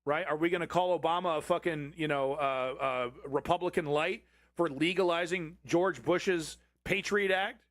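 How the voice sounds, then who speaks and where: A man's voice: a little high, normal speed, a bit bright, no room sound, clean studio sound. A man hosting a livestream, reacting to a political clip with angry, profanity-filled ranting. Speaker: livestream host.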